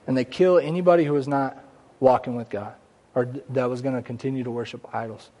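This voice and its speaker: A man's voice: medium pitch, steady tone, fairly quick, warm tone. A man preaching a conversational church sermon, with asides and small jokes along the way. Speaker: pastor. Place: church sanctuary.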